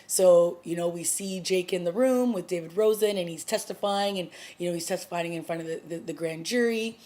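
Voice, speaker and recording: A woman vlogger casually recapping a TV episode, chatty and animated, acting out the characters' lines as she goes. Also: lowish voice, brisk. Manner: chatty, animated retelling with acted-out quotes. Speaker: TV review vlogger.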